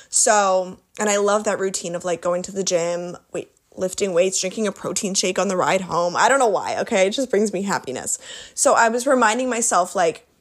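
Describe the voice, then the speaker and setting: Chatty young woman podcaster. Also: medium pitch. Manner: chatty, candid, self-interrupting with filler "like". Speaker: podcast host. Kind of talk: casual solo podcast.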